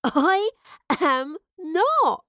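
Lively young woman adventurer, bright, breezy, raised and keen, read by a woman narrator. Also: high-pitched, fairly quick, dry recording, clean studio sound, voice pushed up, close to an everyday voice. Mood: playful. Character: spirited young woman time-traveller.

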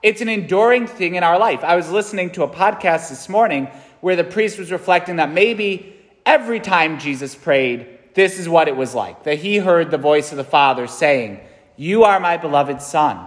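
A man's voice: fairly high pitch, lively intonation, moderate pace. A man in his thirties, a priest giving a conversational, earnest sermon in a large church, often checking in with "right?". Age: 30s. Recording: long church reverb.

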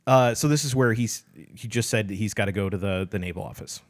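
A man talks through a book in a relaxed podcast conversation. He reads passages aloud with deliberate sarcastic inflection, then breaks off to criticize the writing. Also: lowish voice. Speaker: podcast co-host. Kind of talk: casual book discussion, reading aloud.

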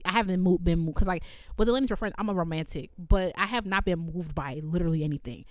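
Woman, podcast co-host, blunt and exasperated, lower voice, dry sound. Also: fast, no echo. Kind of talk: casual book club chat.

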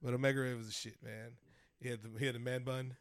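A man's voice: mid-range voice, little pitch movement, quick pace, no room sound, studio quality. A man in his thirties in casual podcast chat, joking, swearing freely and rambling a little. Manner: profane, joking, loose and rambling. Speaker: podcast co-host.

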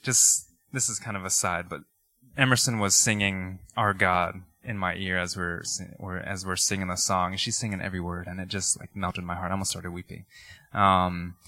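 A pastor with a low-sitting voice preaches a sermon full of personal stories, telling them in a conversational, animated way with laughs and plenty of filler words. The audio is studio quality with no echo.

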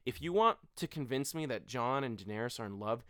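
A young man in a relaxed podcast chat, venting with energy and plenty of swearing. He often drops into little mocking impressions of characters. His pitch moves around a lot as he gets worked up. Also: a little fast. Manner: animated, profane, quotes characters in mocking voices. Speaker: podcast co-host. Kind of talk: casual chat.

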